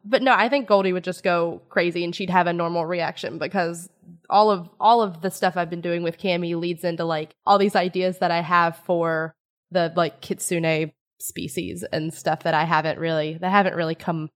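A woman's voice: fairly low pitch, fairly even intonation, normal speed. A woman game master chatting casually, giggly and self-deprecating. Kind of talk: casual chat.

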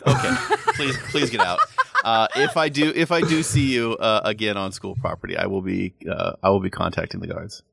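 A man running a tabletop role-playing game as game master, playing the characters in an animated way. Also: on the low side, fairly quick, gravelly, noisy background. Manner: animated, shifting between characters.

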